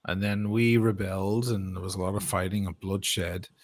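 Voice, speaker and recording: A middle-aged Irish man telling stories in a casual chat, animated and quick to swear and laugh. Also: deep voice. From Ireland. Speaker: guest.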